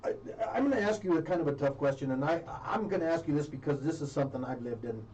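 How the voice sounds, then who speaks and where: A man's voice: a little high, lively intonation, fast, a little mellow. A male interviewer who asks questions and often chimes in with short words of agreement. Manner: affirming, with frequent interjections. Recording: distant muffled mic with faint noise.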